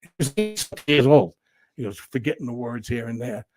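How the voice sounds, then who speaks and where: An older man spins stories as a guest in a relaxed interview. He talks in an animated, salty way and slips into the voices of the people in his tales. His pitch sits in an ordinary middle range. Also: normal speed, faint music behind. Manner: animated, profane storyteller who acts out quotes. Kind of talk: casual storytelling interview.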